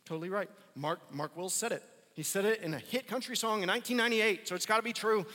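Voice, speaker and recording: A man's voice: sits high, quick pace, sharp tone, in a large hall. A man preaching a sermon as a pastor, casual and conversational, repeating phrases for emphasis.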